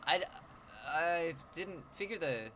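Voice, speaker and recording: A man's voice: fairly high pitch, animated, a little slow, a bit bright, a little hiss or hum. A man streaming his drawing session, rambling and joking with his chat. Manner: rambling, jokey, talks to chat. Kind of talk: casual livestream chat while sketching.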